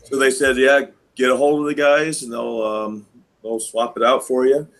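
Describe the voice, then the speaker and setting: A man at an ordinary middle pitch chats loosely on a podcast, one tangent after another. He tells his gripes as stories and mimics the people in them along the way. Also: little pitch movement, normal speed, a bit bright. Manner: rambling storyteller, mimics people he quotes. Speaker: podcast co-host. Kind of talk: casual chat.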